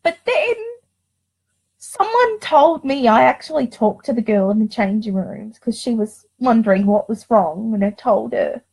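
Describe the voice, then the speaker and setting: Casting note: a woman vlogger near tears, slow, rambling, a little high-pitched. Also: animated, creaky, darkish tone, husky, low-quality recording. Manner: emotional, tearful, confiding; rambling with many restarts and fillers. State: close to tears. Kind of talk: personal storytelling vlog.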